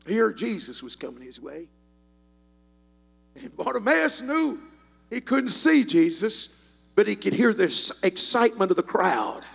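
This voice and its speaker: High-voiced, gravelly preacher man. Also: sing-song, a little slow, pauses often, in a large hall, faint music behind. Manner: rising into shouted, sing-song preaching. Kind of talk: preaching sermon. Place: church sanctuary.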